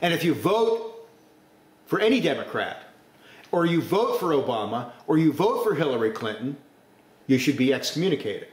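Forceful male preacher in an echoey room. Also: on the high side, big pitch swings, normal speed. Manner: forceful preaching, sudden rises to emphasis. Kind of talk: sermon.

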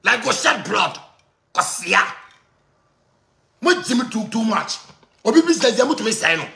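A Ghanaian man in his thirties rants in Pidgin-tinged English, his voice pitched high and bright. He swings up and down wildly, repeating himself and bursting into shouts. The sound bounces around a roomy space. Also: normal speed, gravelly. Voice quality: loud, excitable, repetitive. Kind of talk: heated rant.

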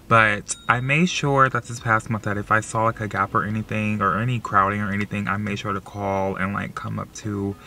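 A man's voice: fairly low pitch, slight background noise. A man vlogging in a casual, emotional way, packing nearly every phrase with "like.". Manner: filler-heavy, says "like" constantly; excitable and emotional. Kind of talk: casual vlog chat.

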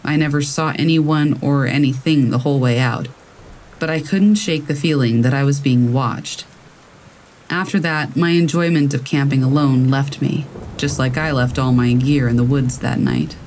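A man narrating true scary stories in a slow, measured storytelling manner. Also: mid-range voice, steady tone, darkish tone, a little hiss or hum, rough recording. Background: rain.

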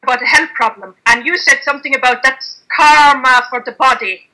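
A woman's voice: high voice, a little fast, bright, forceful tone, poor audio. An Irish woman calling in to an online talk over a video call, chatty, rambling and self-deprecating. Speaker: caller.

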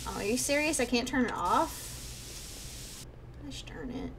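A woman's voice: a little high, lively intonation, takes it slowly, noisy background. A young woman giving casual gameplay commentary, chatty and often talking under her breath. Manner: chatty, reacts aloud, often hushed. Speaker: let's play host.

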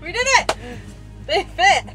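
Bubbly, jokey woman, high and very lively voice, noisy van background. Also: unhurried, music in the background. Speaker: vlogger. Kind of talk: casual chat.

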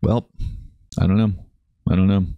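A man hosting a casual reaction video, talking in an excitable, incredulous way and laughing often. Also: low-pitched, moderate pace, no echo, lo-fi sound. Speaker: YouTube reaction host.

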